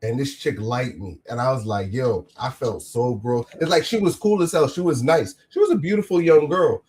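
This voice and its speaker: A man's voice: medium pitch, moderate pace, a little mellow. A man hosting a podcast in casual chat, loose and slangy with many false starts. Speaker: podcast host.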